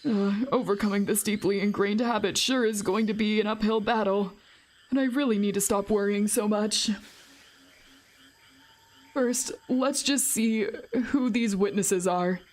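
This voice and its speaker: A woman's voice: medium pitch, measured pace, voice pushed down, close to an everyday voice. A woman voicing the anxious young male lead of a visual novel, reading his worried inner thoughts aloud. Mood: uneasy. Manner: worried inner monologue, overthinking.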